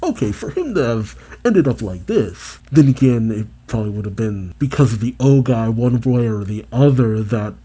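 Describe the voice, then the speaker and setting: Mellow, husky-voiced man reacting. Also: medium pitch, lively intonation, moderate pace, few pauses. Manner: chatty, talks back to the screen. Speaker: anime reaction channel host. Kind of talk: casual reaction commentary.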